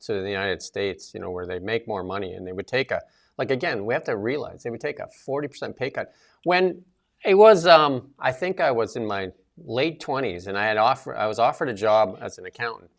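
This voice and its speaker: Middle-aged man, gravelly low voice, rambling talk-show co-host. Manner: rambling, many fillers and restarts. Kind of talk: casual political chat.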